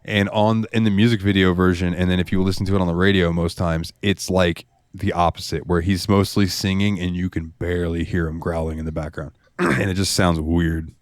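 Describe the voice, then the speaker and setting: A man co-hosting a podcast in casual chat, excitable, swearing freely and laughing often. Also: deep voice, a little fast, few pauses, no room sound. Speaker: podcast co-host.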